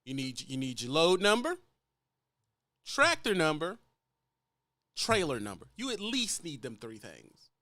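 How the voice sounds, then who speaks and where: A man's voice: fairly high pitch, huge pitch swings, unhurried, long pauses, bright, forceful tone, no room sound, studio quality. A man with a Louisiana accent, a truck driver lecturing bluntly and profanely in a ranting vlog.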